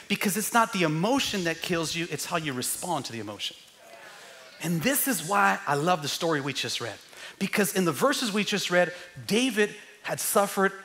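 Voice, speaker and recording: A middle-aged man preaching a lively church sermon, joking with the congregation and building to shouts. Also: sits high. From United States. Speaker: pastor. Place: church sanctuary.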